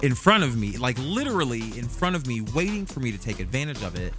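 A man's voice: mid-range voice, sing-song, fast talker, music in the background. A man hosting a podcast, musing and rambling with many fillers and restarts. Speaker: podcast host. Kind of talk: casual podcast monologue.

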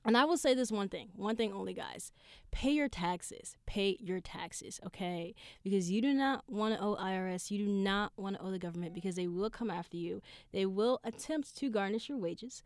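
A woman's voice: medium pitch, expressive, normal speed, darkish tone, no room sound, clean studio sound. A woman hosting her own podcast, telling personal stories in a candid, profane way, full of fillers. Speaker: podcast host. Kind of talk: casual solo podcast monologue.

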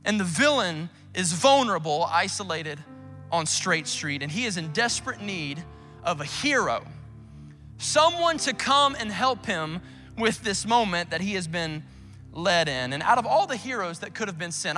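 A man preaching a sermon as pastor, lively and casual, acting out conversations with God in quick bursts. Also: high-pitched, long reverb tail, soft background music. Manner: animated, acts out dialogue with God.

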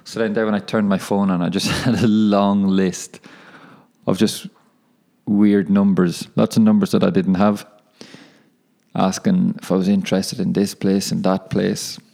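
Young guy on his own podcast, lowish voice, rambles, keeps correcting himself, laughs at himself. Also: flat delivery, unhurried, vocal fry, dark tone. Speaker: podcast host and professional footballer. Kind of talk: casual solo podcast monologue.

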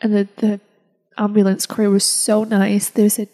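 A woman podcast host telling a personal story in an emotional, halting way, with many restarts. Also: medium pitch, completely flat delivery, mellow, low-quality recording.

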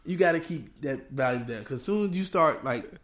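A man co-hosting a podcast in casual chat, animated, laughing often and tagging lines with "bro". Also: mid-range voice, normal speed, echoey room. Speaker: podcast co-host.

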